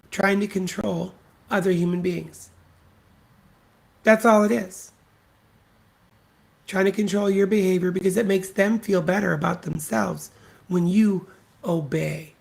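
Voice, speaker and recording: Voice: mid-range voice, vocal fry. A podcast host ranting solo, blunt and scornful, swearing freely and hammering points home by repeating them. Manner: emphatic repetition. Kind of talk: solo opinion rant.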